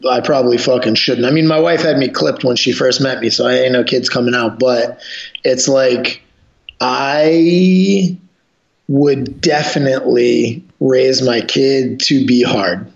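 A man's voice: medium pitch, creaky. A man talking as a guest on a casual podcast, swearing freely and telling blunt stories about coaching. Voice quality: profane, blunt storytelling. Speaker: guest, jiu-jitsu gym owner and coach. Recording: echoey room, dull lo-fi sound.

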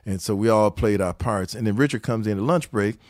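An older man, a guest musician, telling anecdotes from his career in an animated way, often laughing and acting out other people's words. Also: lowish voice, fairly quick, no room sound, studio quality. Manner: animated storyteller who acts out quotes and laughs often. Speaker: guest musician, guitarist and songwriter. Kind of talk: storytelling interview anecdotes.

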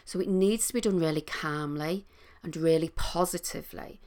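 A middle-aged woman, a coach and trained therapist, explaining listening skills in a calm, teaching manner. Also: low voice, moderate pace. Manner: calm, explanatory, with sing-song demonstrations. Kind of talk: talking to camera, teaching.

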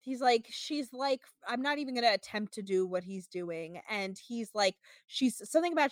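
A woman's voice: a little high, animated, moderate pace, hardly any pauses, dry recording, clean studio sound. A young woman hosting a podcast, recapping episodes in a rambling, filler-heavy way and slipping into mocking voices. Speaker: podcast host. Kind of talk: casual chat recapping a show.

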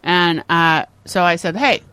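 Lively woman telling a family story. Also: lowish voice, a little fast, no echo. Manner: animated, laughs often, acts out a child's lines. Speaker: podcast co-host. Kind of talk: casual chat, storytelling.

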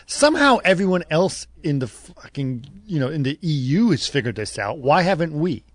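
A man's voice: on the high side, sing-song, moderate pace, dry recording. A man in a casual political chat, talking in an easygoing way with exasperated asides.

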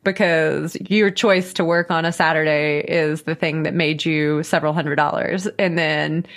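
Woman, podcast co-host, somewhat low voice, chatty, laughs a lot. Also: steady tone, unhurried. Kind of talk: casual chat.

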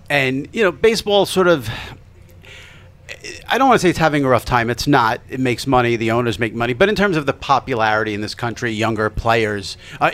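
A man running a casual interview with two guests. His voice sits at an ordinary middle pitch, and he asks quick questions while pushing back a little when he disagrees. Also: a bit bright. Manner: brisk, pushes back on guests.

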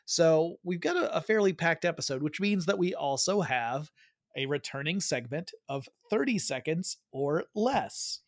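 A man co-hosting a geeky podcast in casual, jokey chat with quick asides. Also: a little high, expressive, no room sound, studio quality. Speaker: podcast co-host.

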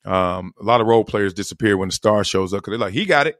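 A middle-aged man hosts a solo podcast, talking fast in slang and laughing often. He acts out quotes with sudden loud bursts and big leaps in pitch and volume. A close studio mic gives clean sound with no room echo.

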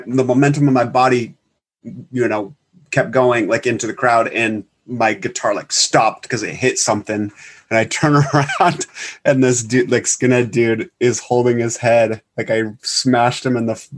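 A guitarist, a man, tells a long story in a casual chat. He rambles and leans on filler words all the way through. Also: mid-range voice. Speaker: band guitarist.

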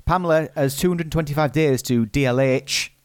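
A man's voice: on the high side, normal speed, clean tone, no echo, clean studio sound. A man hosting a live podcast in casual chat, laughing often and restarting his sentences. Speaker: podcast host.

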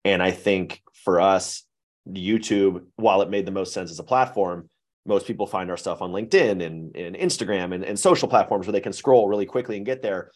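A man with a very deep voice is a podcast guest, chatting casually. He talks candidly and at length, often restarting his sentences as he thinks. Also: a little fast, a little mellow. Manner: rambling, candid, self-correcting. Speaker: guest, web series creator.

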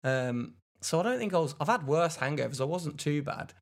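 Gravelly-voiced man telling a rambling story. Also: fairly high pitch, expressive, a little fast. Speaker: podcast co-host. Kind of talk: casual chat.

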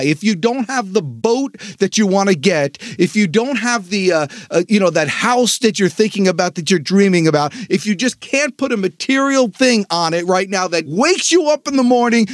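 A man hosting a sales podcast, delivering an energetic motivational pep talk with dramatic pauses. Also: high voice, no room sound, clean studio sound. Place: home studio.

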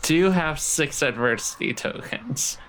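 Slow-talking, laid-back British woman. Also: low voice, animated, fairly bright tone, rough recording. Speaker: player. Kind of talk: tabletop game banter.

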